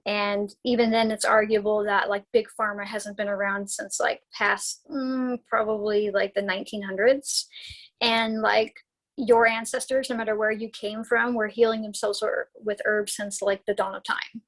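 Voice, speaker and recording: A woman's voice: medium pitch, little pitch movement, normal speed, fairly bright tone, poor audio. A woman herbalist talking as a guest in a casual interview while she recovers from a concussion. She rambles in a chatty way, with many restarts, and laughs often.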